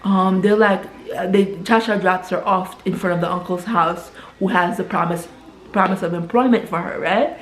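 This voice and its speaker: A woman casually retelling a film plot. She keeps adding "right?" and repeats words as she rushes ahead. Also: fairly low pitch, fairly even intonation. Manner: tags nearly every sentence with "right?". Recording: roomy echo.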